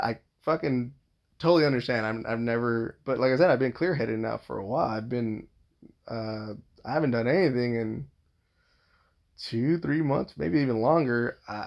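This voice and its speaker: Gravelly, profane man telling a story. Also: medium pitch, darkish tone. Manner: rambling and profane, heavy swearing and restarts. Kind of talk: casual storytelling monologue.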